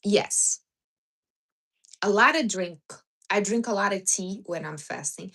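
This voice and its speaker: With a medium-pitched, creaky, slightly bright voice, a woman speaks a little slowly as she hosts a casual livestream. Her advice is blunt and teasing, delivered in non-native grammar.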